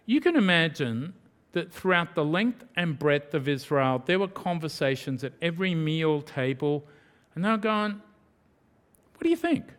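Animated man preaching a sermon. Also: a little high, normal speed, clean tone. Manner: animated storytelling, acting out voices of biblical figures.

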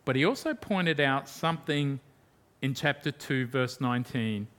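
Bright-voiced, emphatic male preacher. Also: mid-range voice, measured pace. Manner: emphatic, with rhetorical questions and swings from loud to hushed. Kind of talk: sermon.

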